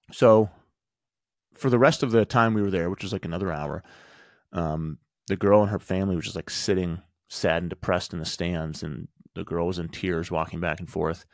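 A man in his thirties with a low voice hosts a motivational podcast. He tells a story and preaches its lessons earnestly, stacking rhetorical questions in a loose, conversational flow. The mic is close and dry. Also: creaky, no room sound. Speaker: podcast host and men's group coach.

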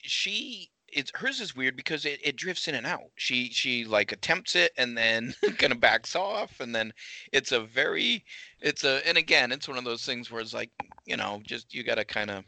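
Bright, dry-voiced man chatting about films. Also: mid-range voice, lively intonation, moderate pace, vocal fry, no room sound, rough recording. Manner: rambling, many restarts, laughs often. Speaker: podcast co-host. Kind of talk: casual film discussion.

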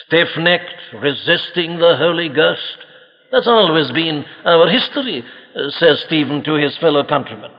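A man's voice: a little high, lively intonation, unhurried. Older male preacher, solemn and emphatic sermon delivery, lo-fi archive sound. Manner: solemn, emphatic, rhetorical questions. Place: church congregation. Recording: lo-fi archive recording with long hall reverb.

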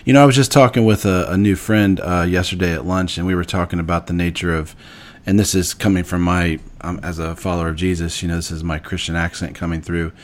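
A man hosting a podcast, speaking reflectively and searching for his words with many pauses and fillers. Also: sits low, steady tone. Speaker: podcast host. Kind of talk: casual podcast conversation.

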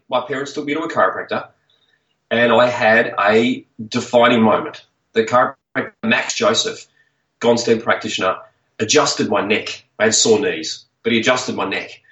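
A man's voice: mid-range voice, normal speed, fairly bright tone. A man with an Australian accent, a chiropractor and author, telling his story as a podcast guest in an earnest, enthusiastic way. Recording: dull, roomy audio from a distance.

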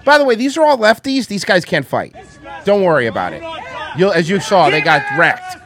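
A man's voice: sits high, very animated, fairly quick, crowd noise. A man hosting a podcast, commenting on videos with casual, profane sarcasm. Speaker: podcast host.

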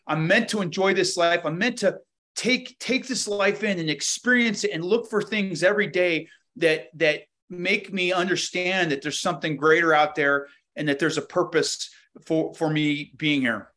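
A man's voice: sits high, moderate pace, sharp tone. Reflective man telling stories. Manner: reflective storyteller, many restarts. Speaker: guest, inventor. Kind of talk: casual interview conversation.

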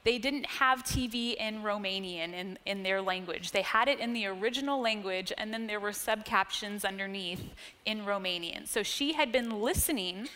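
An American woman in her thirties giving a sermon, telling personal stories in a chatty way, laughing often and dropping to a hush on key points. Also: medium pitch, moderate pace. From United States. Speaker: church speaker. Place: church sanctuary. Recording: long church-hall reverb.

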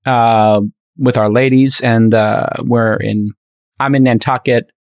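A man in casual chat on a podcast tells a winding story. He stumbles, restarts, and slips into other people's voices as he goes. His voice sits at an ordinary middle pitch, recorded close and dry with no room sound. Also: fairly even intonation, slow, no room sound. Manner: rambling anecdote full of fillers and restarts, voicing the people in the story. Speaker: podcast host.

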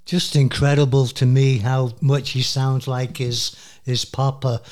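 A man's voice: medium pitch, level tone, a little slow, darkish tone. A man co-hosting a casual music chat show, rambling with plenty of fillers and restarts. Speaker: radio co-host.

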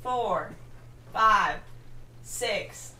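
A woman's voice: medium pitch, expressive, extremely slow, bright, forceful tone, roomy sound, recorded from a distance. A young adult woman with a Texan accent, a guest racer, out of breath and giggling at herself. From Texas. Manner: giggly, self-mocking.

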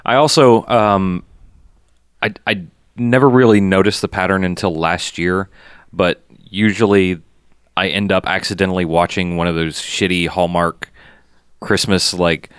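Smooth low-voiced man, hesitant. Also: steady tone, a little slow, no room sound, clean studio sound. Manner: hesitant, many ums. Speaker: podcast co-host. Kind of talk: casual chat.

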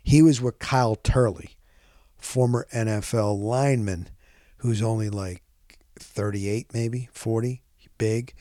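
A middle-aged man hosting a podcast, telling a rambling story in a casual, animated way and often correcting himself. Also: fairly low pitch, takes it slowly, no room sound, clean studio sound. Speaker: podcast host.

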